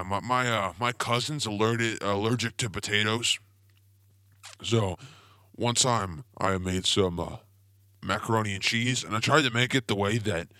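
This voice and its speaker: A man's voice: fairly low pitch, pushed and bright, no room sound, clean studio sound. A young man hosting a podcast, telling rambling goofy stories in a casual comedic monologue. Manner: rambling, goofy, self-promoting storyteller. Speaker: podcast host.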